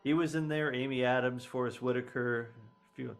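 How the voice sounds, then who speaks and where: A man's voice: mid-range voice, fairly even intonation, brisk. A man joking and riffing in casual commentary while watching a movie with a friend, laughing often.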